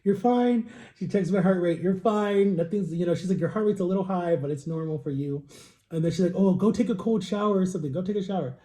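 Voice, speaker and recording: A young man casually telling a story while tasting wine, animated, acting out quotes with jumps in pitch. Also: fast, roomy sound. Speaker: vlogger.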